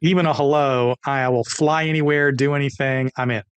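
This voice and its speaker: A middle-aged man, a guest on an interview podcast, telling stories in an energetic, animated way and acting out the dialogue. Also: mid-range voice, moderate pace, clean tone, no room sound. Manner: energetic, animated storyteller who acts out dialogue. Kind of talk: interview storytelling.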